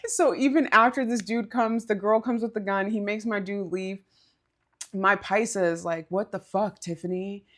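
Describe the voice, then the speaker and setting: A woman's voice: mid-range voice, normal speed, a bit bright. A woman co-hosting a podcast, telling a story in a candid, casual way, swearing and laughing as she goes. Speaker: podcast co-host.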